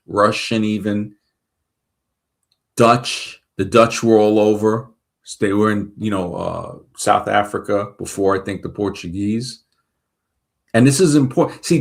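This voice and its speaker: A man from Brooklyn, hosting a show and talking casually, rambling and thinking aloud as he checks facts mid-sentence. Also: fairly low pitch. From Brooklyn, New York. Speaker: show host. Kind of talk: casual monologue.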